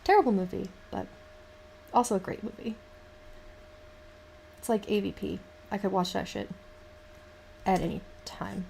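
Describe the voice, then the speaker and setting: A young woman with a Southern US accent, chatting casually on a livestream in a halting, rambling way with many restarts. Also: mid-range voice, gravelly, warm tone, a little hiss or hum. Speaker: livestream host. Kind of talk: casual chat while painting on stream.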